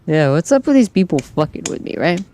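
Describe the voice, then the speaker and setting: A man's voice: a little high, very animated, fairly quick, dark tone, slight background noise. A man with a light French accent chats casually with his stream viewers while he plays. His talk is joking and profane, broken by frequent laughs. He sounds tired from a night without sleep. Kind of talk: casual gaming stream chat.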